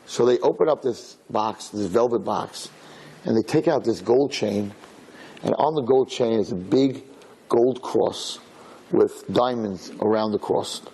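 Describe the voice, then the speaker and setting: A male rabbi telling a story in a sermon, animated and acting out voices, with Hebrew and Yiddish terms mixed in. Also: fairly low pitch, a little slow, vocal fry, breathy edge, poor audio.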